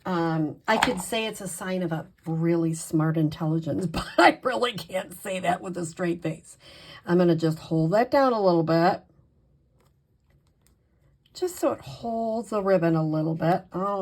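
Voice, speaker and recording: A woman's voice: on the low side, moderate pace, darkish tone. A woman hosting a card-making tutorial, chatty and encouraging, poking fun at her own mistakes as she works. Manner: chatty, self-deprecating, encouraging. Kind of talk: casual crafting demonstration.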